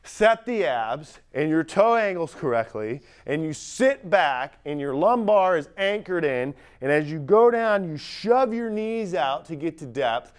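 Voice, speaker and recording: A young man coaching lifters on a gym platform, energetic and talking straight to the group, recorded on a camera mic as he moves around. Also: fairly high pitch, normal speed, few pauses. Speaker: strength coach. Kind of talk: live coaching demonstration. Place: gym platform at a lifting camp.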